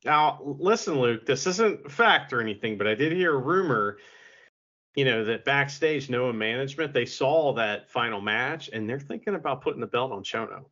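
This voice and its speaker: A man's voice: medium pitch, lively intonation, moderate pace, pushed and bright, muffled recording. A man co-hosting a wrestling podcast, bantering and laughing in casual chat. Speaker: podcast co-host.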